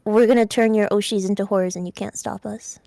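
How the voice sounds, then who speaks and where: A woman's voice: medium pitch, fairly even intonation, fairly quick, vocal fry, over a noisy crowd. A young woman streaming, chatting casually and breaking into giggly, shrieking laughs. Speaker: VTuber streamer. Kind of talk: casual chat.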